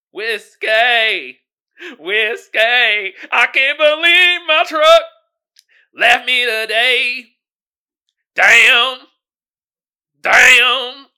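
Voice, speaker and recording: A man voicing a heartbroken country singer who wails loudly and drags out his lament. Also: very high-pitched, husky, voice pushed up, full character voice. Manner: loud, drawn-out wailing.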